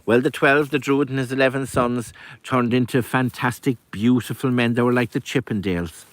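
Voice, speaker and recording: A man's voice: medium pitch, normal speed, no room sound. Man telling a folk tale. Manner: lively, conversational, with asides. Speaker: storyteller. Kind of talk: oral folk storytelling.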